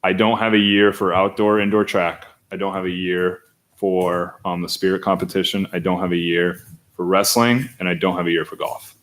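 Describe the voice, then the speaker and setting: A man at a school board meeting, explaining budget figures and talking his way through them with restarts and pauses. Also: low-pitched, flat delivery, fairly bright tone. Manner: hesitant, thinking aloud with restarts. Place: meeting room.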